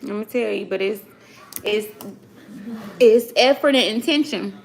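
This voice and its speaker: A woman in her thirties, a vlogger mom, chats casually from her home kitchen about cooking for her kids, calling her viewers y'all while children talk nearby. Her voice is medium-pitched, a little slow and creaky, and the recording is rough.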